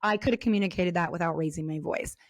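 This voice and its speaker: A middle-aged woman co-hosting a casual faith podcast, talking in a chatty, animated way with lots of fillers. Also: on the low side, fast talker. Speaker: podcast co-host.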